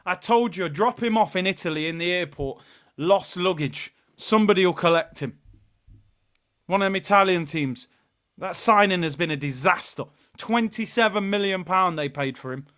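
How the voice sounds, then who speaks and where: A young man hosts a live football watchalong. His high, bright voice keeps breaking into exasperated rants and loud outbursts at his team's defending. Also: moderate pace, clear, resonant tone. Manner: ranting, exasperated, frequent shouting. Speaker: fan watchalong host.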